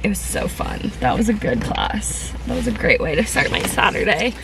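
A woman's voice: medium pitch, very animated, normal speed, creaky, over music. A young woman chatting casually in a vlog, gushing and bubbly, with plenty of "like" and "um". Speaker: lifestyle vlogger. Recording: noisy vlog recording.

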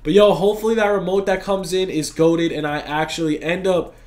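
A young man with a cold, talking fast and casually over his gameplay and saying "bro" a lot. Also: high voice, steady tone, darkish tone. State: has a cold, sounds tired. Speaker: gaming YouTuber.

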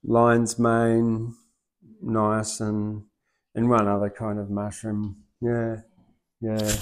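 An Australian man hosting a poetry open mic, who chats loosely with many fillers and then reads rhyming verse loudly and rhythmically. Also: on the low side, level tone, extremely slow. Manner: loose and rambling, with many fillers, swinging into loud rhythmic recitation. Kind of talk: reciting rhyming poetry and rambling chat.

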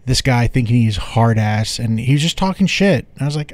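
A man's voice: medium pitch, lively intonation, brisk, dry recording. A man co-hosting a podcast who leads the talk and gives blunt opinions. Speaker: podcast co-host. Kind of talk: casual podcast chat.

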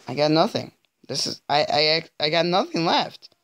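A man giving let's-play commentary, exasperated and stammering, often pleading out loud with the game. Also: a little high, sing-song, normal speed. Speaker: gaming video creator.

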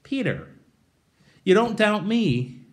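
A man voicing Jesus, calm and reassuring. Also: sits high, slow pace, pitched above the performer's own voice, heavily acted. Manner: gentle, chiding, casual paraphrase.

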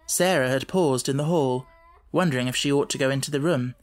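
A male audiobook narrator reads a classic children's novel aloud. His medium-pitched voice tells the scripted story in a measured, even way.

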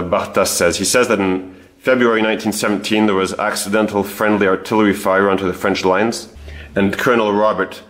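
A man's voice: low-pitched, fairly bright tone. A man hosting a history video, explaining his research in a casual, thinking-aloud way with frequent restarts. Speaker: history channel host. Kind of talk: casual spoken history presentation.

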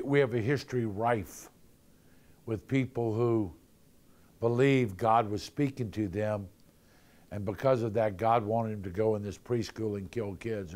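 A man's voice: mid-range voice, a little mellow. Guy preaching a homily, casual and chatty, tells little jokes. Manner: conversational, jokey storytelling with acted-out voices. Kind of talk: sermon.

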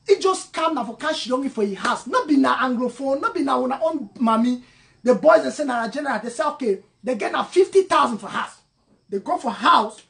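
A woman commentating online speaks in a high voice with vocal fry, her English Cameroonian-accented and mixed with Pidgin. Her monologue is impassioned, emphatic and repetitive, veering from loud to soft.

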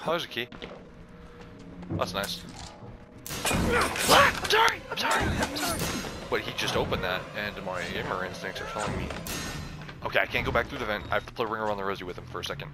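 A young man hosting a horror game playthrough, chatting casually and yelping and shouting when startled. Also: lowish voice, fast talker, long pauses. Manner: jumpy, yelps and shouts when scared. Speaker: gaming video host. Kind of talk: let's play commentary. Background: game music.

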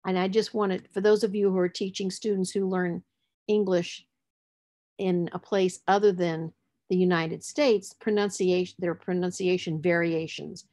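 A woman's voice: on the low side, steady tone, moderate pace, a little mellow. A woman teaching a literacy session, explaining word parts and spelling letters out as she goes. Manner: explanatory, spells out letters, stresses words for emphasis. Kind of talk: presenting a lecture on word structure.

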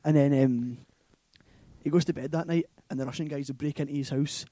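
A man's voice: on the high side, steady tone, brisk, dark tone, dry recording. A man with a Scottish accent, co-hosting a casual movie chat and retelling a film plot in a loose, rambling way, full of "like" and "right?". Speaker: podcast co-host.

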